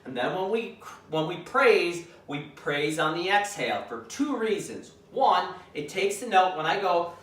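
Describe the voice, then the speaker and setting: A man giving a dog-training lesson, explaining calmly and acting out commands aloud. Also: high-pitched, measured pace. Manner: calm, demonstrates commands aloud. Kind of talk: instructional demonstration. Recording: echoey room, mic at a distance.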